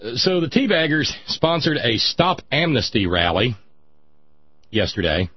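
Sardonic husky-voiced male commentator. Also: medium pitch, big pitch swings, unhurried, no echo, muffled recording. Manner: sardonic, mocking, dry asides. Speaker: political commentary host. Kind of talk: sarcastic political monologue.

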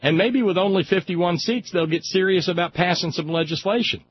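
A man hosting a call-in radio show, chatty and quick to laugh, often restarting his sentences. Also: high-pitched, slightly rough, no room sound. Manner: chatty and animated, laughs easily, restarts a lot. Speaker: radio talk show host. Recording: slightly dull radio audio with faint noise.

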